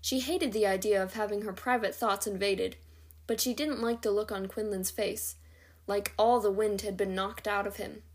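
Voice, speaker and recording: A woman reading a novel chapter aloud in a steady, even narration. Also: medium pitch, moderate pace. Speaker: reader.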